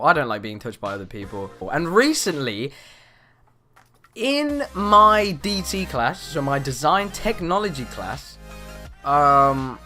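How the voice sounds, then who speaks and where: A teenage boy rambling in casual chat from his bedroom, animated and exaggerating with slang. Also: a little high. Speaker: vlogger.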